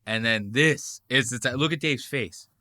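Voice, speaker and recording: A man's voice: mid-range voice, measured pace, sharp tone, no echo, studio quality. A man hosting a podcast and commenting on clips in a casual, rambling, profane way. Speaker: podcast host.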